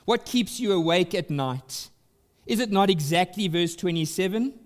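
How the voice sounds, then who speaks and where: A man pastor preaching a sermon at a church service, emphatic and deliberate, swinging up in pitch and volume to press his points. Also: lively intonation.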